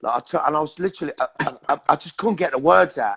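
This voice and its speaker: London actor, middle-aged man, gravelly voice, swears freely, animated storyteller in an interview. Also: a little high, racing. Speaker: actor and guest.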